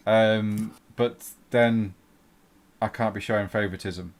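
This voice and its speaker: A man with a somewhat low voice narrates a tabletop roleplaying session as game master. He speaks at an unhurried pace, pausing often with fillers as he voices the characters. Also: steady tone. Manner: hesitant, many fillers, unhurried. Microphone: home microphone on an online stream.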